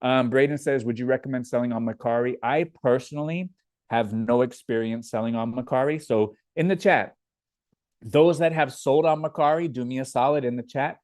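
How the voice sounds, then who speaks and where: A man's voice: medium pitch, moderate pace, a little mellow, dry recording. A man from Indiana, hosting a casual live Q&A and reading viewer comments aloud before answering them. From Indiana, USA. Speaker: livestream host.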